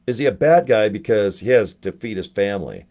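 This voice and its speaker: A man's voice: lowish voice, animated, a little mellow. A man putting on the voice of his blunt, lecturing acting coach, firing questions at his students. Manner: pushy, lecturing, quick-fire questions. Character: blunt, coaxing middle-aged male acting coach.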